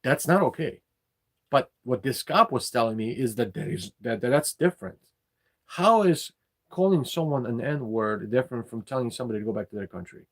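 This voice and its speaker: Speaking briskly in an expressive mid-range voice, a delivery driver who hosts a channel tells a story as a casual, indignant rant. He swears freely and keeps looping back to repeat his points.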